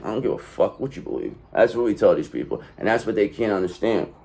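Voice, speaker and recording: A man giving a casual tarot reading, talking in an emphatic, profane, streetwise way and swinging between loud bursts and low asides. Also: lively intonation, fast. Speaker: tarot reader.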